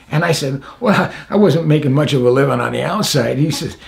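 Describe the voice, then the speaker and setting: Older man, veteran interviewee, lively pitch, slightly high voice, animated storytelling. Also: normal speed, creaky. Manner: animated, acts out others' lines, laughs often.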